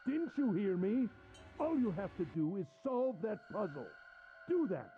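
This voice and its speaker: A man putting on a high gloating villain. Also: big pitch swings, phone-quality sound, over music. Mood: gloating, mocking. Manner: mocking, theatrical, drawn-out taunts. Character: cruel gloating male villain captor.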